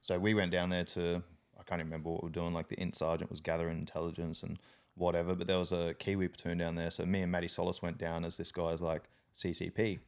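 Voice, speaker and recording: A man's voice: deep voice, monotone, quick pace, gravelly. An Australian man and army veteran telling a story in casual podcast chat, profane and laughing often.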